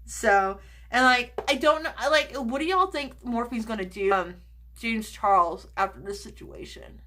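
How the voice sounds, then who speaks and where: Slow-talking, bright-voiced gushing woman. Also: on the high side. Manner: gushing, swears freely, gasps and drifts to whispers. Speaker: beauty vlogger. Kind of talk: casual chatty makeup vlog.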